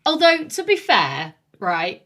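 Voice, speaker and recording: A woman's voice: medium pitch, wildly swooping pitch, slow, a bit bright. A woman co-hosting a podcast, teasing and playful in casual chat. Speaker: podcast co-host.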